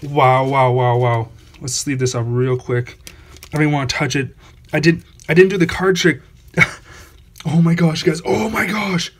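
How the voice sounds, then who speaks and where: Slow-talking awestruck young-sounding man. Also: fairly high pitch, steady tone. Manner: awestruck, keeps exclaiming and repeating himself. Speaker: channel host opening trading card packs. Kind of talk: casual unboxing commentary.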